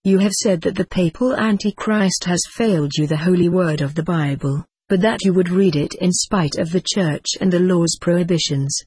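A reader voicing a stern male judge questioning an accused man in an audiobook, with a husky tone. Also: high-pitched, moderate pace, few pauses, darkish tone, no room sound.

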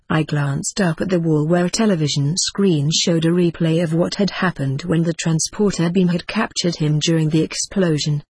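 A narrator reading a first-person story in a measured, steady way. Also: medium pitch, husky, no room sound.

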